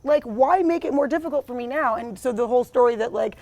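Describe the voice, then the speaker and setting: A woman's voice: a little high, lively intonation, normal speed, a little mellow, dry recording. A woman in her thirties, a guest in a candid interview, talking bluntly and emphatically, full of "like" and "you know". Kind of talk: candid personal conversation.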